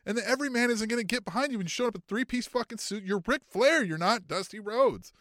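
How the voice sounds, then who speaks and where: A man's voice: fast, no echo, clean studio sound. A man co-hosting a casual wrestling podcast, swearing freely and mimicking people in mocking voices. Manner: animated, swears often, acts out quotes in mocking high voices. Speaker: podcast co-host.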